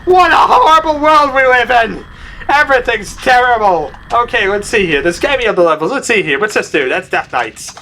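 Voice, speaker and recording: Male gaming host, high voice, hammy mock-terror commentary, noisy recording. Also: lively intonation, a little fast. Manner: shifts from mumbled planning to loud mock panic. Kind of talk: gameplay commentary.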